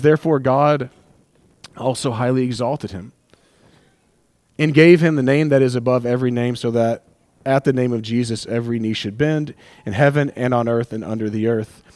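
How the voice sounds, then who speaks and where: A man's voice: medium pitch, a little mellow, no echo. A man preaching a sermon as pastor, conversational and emotional, with asides and acted-out quotes.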